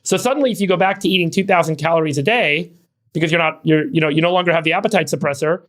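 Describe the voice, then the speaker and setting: A man's voice: on the high side, rapid-fire, fairly bright tone. A middle-aged man co-hosting a podcast, explaining at length and fluently, with frequent word repeats. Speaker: podcast co-host.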